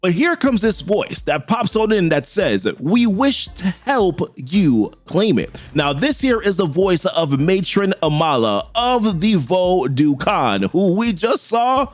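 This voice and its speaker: A man casually recapping a comic issue, slangy and animated, laughing often. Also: high-pitched, a little slow, hardly any pauses, no echo, soft background music. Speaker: comic book reviewer.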